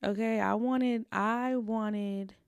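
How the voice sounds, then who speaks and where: A woman's voice: fairly high pitch, fairly even intonation, slow pace, vocal fry, clear, resonant tone, no echo. A young adult woman hosting a podcast, telling stories about her own past in a candid, confessional way with casual slang. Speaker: podcast host.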